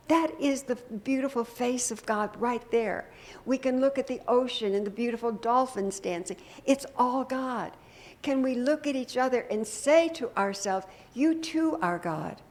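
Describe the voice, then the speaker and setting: An older woman minister preaching a sermon to her congregation, conversational and gently humorous, often asking the room questions. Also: on the high side, measured pace. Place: church sanctuary.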